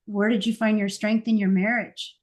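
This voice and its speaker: A woman hosting an interview, asking gentle, halting questions. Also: medium pitch, little pitch movement. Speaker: interview host. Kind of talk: conversational interview.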